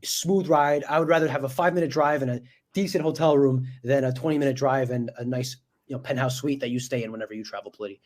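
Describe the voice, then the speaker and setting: A man's voice: medium pitch, quick pace, darkish tone. Easygoing man chatting from a hotel room. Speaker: sports reporter and co-host. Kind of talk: casual podcast banter.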